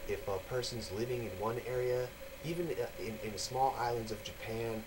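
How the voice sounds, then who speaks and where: A man's voice: medium pitch, fairly quick, noisy background. A man from the United States giving a casual, rambling explanatory talk for his video channel, full of fillers and restarts. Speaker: vlogger.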